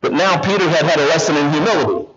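A man's voice: on the high side, quick pace, a crowd in the background. A man preaching a sermon as guest pastor in a church, constantly putting questions to the congregation. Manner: animated, keeps questioning the congregation. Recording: slightly dull church recording with audible congregation.

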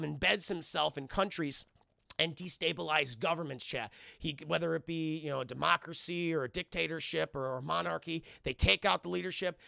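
A young man talks loosely to his stream chat, swearing and bouncing between thoughts as he acts out quotes. His voice is heavily gravelly and higher than most men's. He sits close to a dry, deadened microphone. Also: sharp tone, dry recording. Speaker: streamer reviewing a film. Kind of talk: casual livestream chat.

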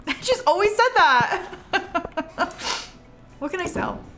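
High, lively young woman streamer. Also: slow, a little hiss or hum. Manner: playful, chatty, talks to herself and reacts aloud. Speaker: game streamer. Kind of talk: casual live-stream chatter while playing.

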